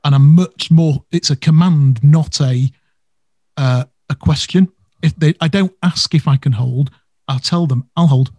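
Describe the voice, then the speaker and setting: A man's voice: on the high side, measured pace, warm tone, breathy edge, dry recording. A man co-hosting a casual business podcast, talking animatedly and stressing words for effect. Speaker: podcast co-host.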